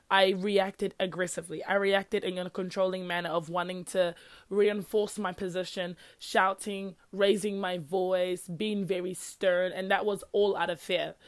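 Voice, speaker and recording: A young woman hosts a casual Christian teaching talk. She is earnest and animated, firing off rhetorical questions at a middle pitch. The sound is dry and close. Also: no room sound. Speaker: podcast host.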